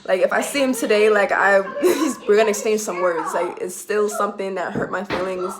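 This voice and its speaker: A young woman recounts a personal story in a casual storytime. She sounds heated and swears freely, with laughter slipping in between lines. A loud hiss sits under the whole recording. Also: mid-range voice, brisk. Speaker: vlogger telling a military story. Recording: loud background noise hiss.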